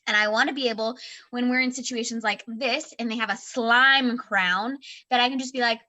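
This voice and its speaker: In casual storytelling chat on the book club podcast she co-hosts, a thirtysomething woman recounts a home story with lively expression, acting out each quoted voice. She speaks briskly in a high-sitting voice.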